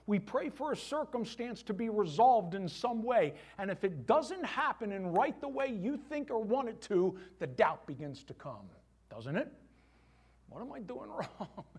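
A middle-aged man preaches a sermon in church. His voice sits high and swings widely in pitch. He acts out little voiced asides as he goes. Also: very animated, moderate pace, a little mellow, slightly rough. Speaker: pastor.

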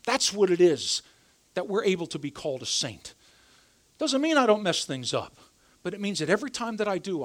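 A middle-aged male pastor delivers a sermon in a conversational, emphatic way. His voice sits high and swings widely in pitch, pushing up on key words and dropping low on quiet asides. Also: sing-song, a little fast. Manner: emphatic, conversational preaching with rising and falling emphasis.

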